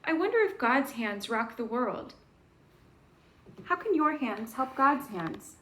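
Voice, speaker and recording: Woman reading a children's book aloud in a high, gentle voice. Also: big pitch swings, takes it slowly, slight background noise. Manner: gentle storybook reading with questions to the listener.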